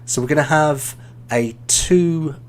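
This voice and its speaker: Upbeat British English tutor. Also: male voice, fairly high pitch, slow. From Britain. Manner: encouraging, relaxed, many "um" fillers. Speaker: English teacher and live-stream host. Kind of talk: live-stream speaking feedback.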